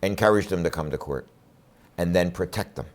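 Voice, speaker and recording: Blunt low-voiced man giving a campaign pitch. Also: a little fast. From Philadelphia area. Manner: blunt, forceful, emphatic. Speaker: candidate for district attorney. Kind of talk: campaign speech to camera.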